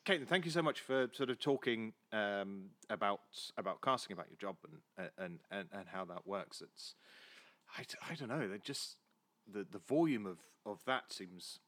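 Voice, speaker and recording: A man with a Southwest London accent hosts a relaxed podcast chat. His voice is fairly low, and he fills his sentences with ums and lets them fade off quietly. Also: normal speed. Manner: friendly, with many ums and uhs, trailing off quietly. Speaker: podcast host. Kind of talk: casual chat.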